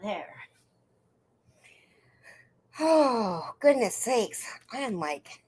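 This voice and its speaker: A woman's voice: a little high, expressive, slow pace, long pauses. A woman hosting a crochet livestream, chatting casually and greeting viewers by name in a sing-song lift. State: out of breath.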